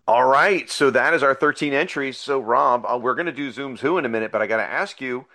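A man's voice: medium pitch, brisk, bright, forceful tone. Chatty man hosting a comics podcast. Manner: rambling, enthusiastic, with many fillers and restarts. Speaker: podcast host. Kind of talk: casual podcast chat.

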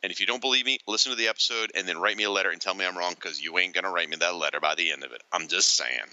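A middle-aged man co-hosts a podcast in casual chat, reading listener mail and chuckling wryly. His talk runs quick and bright. The sound is dry and slightly dull. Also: deep voice, no room sound. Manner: chuckling, wry. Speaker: podcast co-host.

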